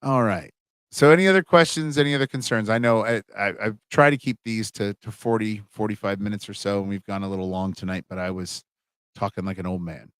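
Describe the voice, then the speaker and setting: A man in middle age talks through the end of an online class, rambling and chatty, with plenty of fillers and restarts. His voice sits low. The sound is dry and close to the microphone. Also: a little fast, a bit bright, clean tone, dry recording. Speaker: college humanities instructor. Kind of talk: casual livestream class wrap-up.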